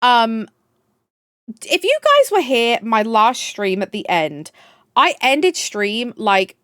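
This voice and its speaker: A bubbly young woman chats on her live stream, gushing over her viewers and swearing freely. Her voice sits a little high. The sound is close and dry. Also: very animated, slow, a bit bright, no room sound. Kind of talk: casual chat.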